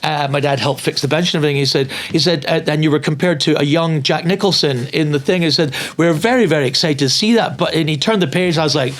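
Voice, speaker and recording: A man from Scotland and Canada, a guest comedian telling stories in casual chat, animated and slipping into high voices for other people. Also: fast, hardly any pauses.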